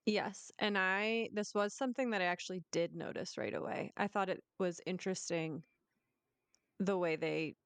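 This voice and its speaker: A woman's voice: on the low side, steady tone, normal speed, clean tone, dry recording. A woman co-hosting a casual book podcast, musing with hesitant restarts. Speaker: podcast co-host.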